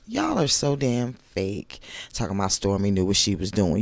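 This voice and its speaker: A man's voice: on the low side, big pitch swings, normal speed, gravelly, dry recording. A man giving casual, sassy and blunt commentary while recapping a reality TV episode, talking back at the cast.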